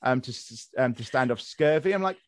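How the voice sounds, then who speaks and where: A man's voice: mid-range voice, moderate pace. A young English man hosting a casual podcast chat, rambling with lots of fillers and restarts. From England. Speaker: podcast host.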